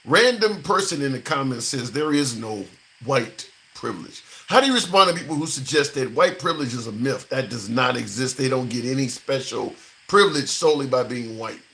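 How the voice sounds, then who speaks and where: A man's voice: medium pitch, animated, a little fast, creaky, sharp tone, low-quality recording. A man hosting a casual political chat, conversational and questioning, often repeating his phrases. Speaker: host.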